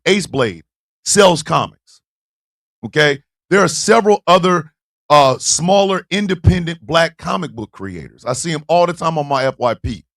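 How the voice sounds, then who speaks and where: A man hosts a livestream with a high, bright voice that swings widely in pitch. His talk is loud, profane banter with his chat, and he laughs often. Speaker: livestream show host.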